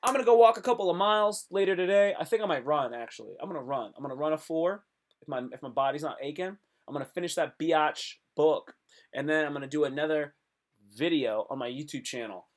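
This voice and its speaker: A man's voice: a little high, animated, fast talker. A young man hosting his own live stream, talking to viewers in a hyped, rambling, self-motivating way. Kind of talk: casual live stream monologue.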